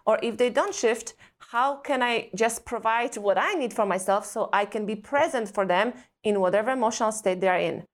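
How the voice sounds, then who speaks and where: A woman's voice: on the high side, normal speed, few pauses. A woman with an Eastern European accent, a guest on a podcast, speaking earnestly and reflectively in a string of rhetorical questions. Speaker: guest expert on parenting and trauma. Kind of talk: podcast conversation.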